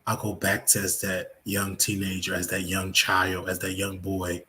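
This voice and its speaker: Emphatic low-voiced man ranting. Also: monotone, normal speed, pushed and bright, slight background noise. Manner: emphatic, preachy, repeats phrases. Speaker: host of a commentary show. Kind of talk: live reaction commentary.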